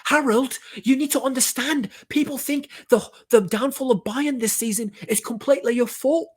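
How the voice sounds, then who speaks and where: A man putting on a high, urgent English accent. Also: moderate pace, slightly rough. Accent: English, put on. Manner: pleading, urgent, swearing. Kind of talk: mock pep talk.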